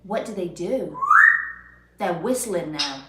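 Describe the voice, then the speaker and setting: A woman's voice: fairly low pitch, lively intonation, takes it slowly, very noisy. Playful giggly woman chatting with her bird. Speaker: pet parrot owner and channel host. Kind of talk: casual chat with her pet bird. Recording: roomy echo.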